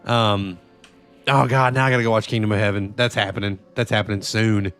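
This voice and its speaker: A man's voice: fairly low pitch, steady tone, fairly quick, a bit bright, smooth, soft background music. A man chatting casually with viewers during a live game stream, loose and profane, often rambling. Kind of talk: casual live-stream chat while gaming.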